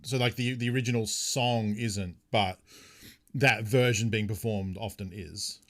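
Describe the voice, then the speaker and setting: A man's voice: on the low side, a little slow. A young Australian man chatting casually with his viewers while streaming a game, rambling and swearing lightly. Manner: relaxed, rambling, answers chat, swears casually. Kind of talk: casual live-stream chat.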